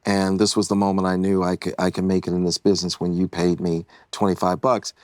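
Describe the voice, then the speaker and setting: A man in his sixties, a podcast guest, telling an animated story and acting out the quotes. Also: sits low, fairly quick, no room sound, studio quality. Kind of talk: casual storytelling.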